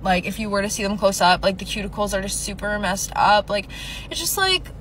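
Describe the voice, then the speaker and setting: A woman's voice: mid-range voice, expressive, fairly quick, fairly bright tone, slight background noise, poor audio. A woman telling a casual story in a rambling, filler-heavy, upset way from inside a car.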